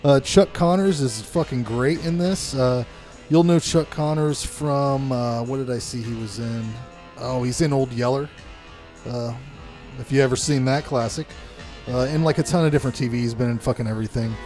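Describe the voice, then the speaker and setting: A man's voice: mid-range voice, normal speed, a little mellow, faint music behind. A man co-hosting a horror movie review podcast, chatting casually, laughing often and swearing freely. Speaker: podcast co-host.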